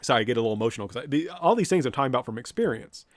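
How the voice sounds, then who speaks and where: Speaking at a racing clip in a medium pitch, this professor comes through clean studio audio without echo. His lecture to students is blunt and straightforward, spiced with animated impressions of what others say.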